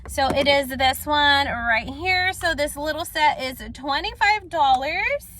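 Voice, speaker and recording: A woman vlogger chatting casually through a beauty box unboxing, gushing and excitable with lots of fillers. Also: sits high, a little slow, background noise.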